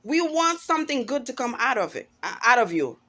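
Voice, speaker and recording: A woman in her forties talking straight to camera in a casual vlog. Her voice sits a little high, and she speaks with emphatic, outspoken conviction. She often stops and restarts her sentences mid-thought. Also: sing-song, fairly quick, pushed and bright. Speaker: vlogger. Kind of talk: casual opinion monologue to camera.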